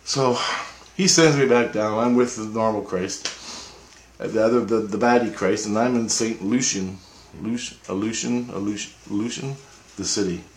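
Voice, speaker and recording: Rambling low-voiced man in an echoey room. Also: moderate pace, slight background noise. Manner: rambling, profane, repeats himself. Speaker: vlogger. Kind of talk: rambling spoken account of a dream.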